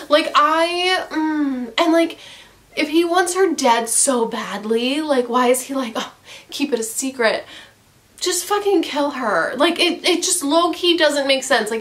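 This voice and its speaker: Woman vlogger ranting about a book, slow and drawn out, swears a lot, says like constantly. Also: high voice, a bit bright. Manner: frank and profane, heavy use of "like". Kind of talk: casual book review rant.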